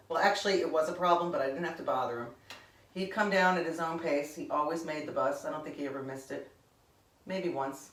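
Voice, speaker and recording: A woman's voice: low voice, reverberant, far from the mic. A woman in her forties from Connecticut, teaching a painting lesson in a chatty, rambling way, often checking in with "okay?". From Connecticut, USA. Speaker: art instructor. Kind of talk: painting tutorial with chatty asides.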